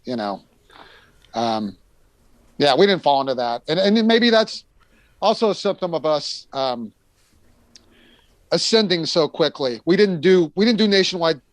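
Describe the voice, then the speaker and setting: A man's voice: a little high, very animated, measured pace, pauses often, dry recording. A middle-aged American man telling rambling tour stories in a casual chat, full of fillers and restarts, sometimes acting out the people he quotes.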